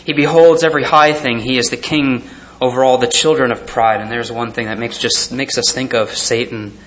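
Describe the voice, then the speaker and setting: A man's voice: mid-range voice, fairly even intonation, normal speed, fairly bright tone. A man preaching a sermon, reading scripture aloud and chuckling often as he pictures the scenes. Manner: hesitant fillers and restarts. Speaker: pastor.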